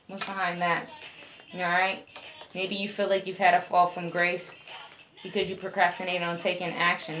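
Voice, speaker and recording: In a lowish voice, a tarot reader chats casually to her viewers as a group during a reading. Heavy background noise, a roomy echo, and faint music fill the recording.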